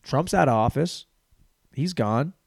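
A man's voice: medium pitch, animated, a little slow, gravelly, no echo, clean studio sound. A man hosting a podcast and riffing through a crude comedic monologue, rambling and profane. He slips into mock voices along the way.

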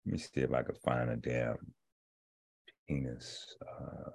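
A man hosting a health show, lecturing bluntly and profanely in a casual rant, slowing down to explain points step by step. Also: very deep voice, fairly even intonation, vocal fry, a little mellow, breathy edge. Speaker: host of a natural health show. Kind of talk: ranting casual commentary.

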